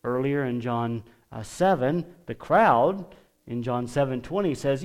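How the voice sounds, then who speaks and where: A man preaching a sermon, emphatic and deliberate, pausing often and lifting his voice when quoting scripture. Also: mid-range voice, expressive. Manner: lifts his voice for quoted scripture.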